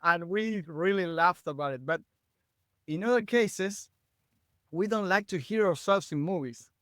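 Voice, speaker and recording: A man from Argentina with an Argentinian Spanish accent, a native Spanish speaker co-hosting a podcast, talking casually in halting English while searching for words. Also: high-pitched, fairly bright tone, no room sound, studio quality. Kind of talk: casual chat.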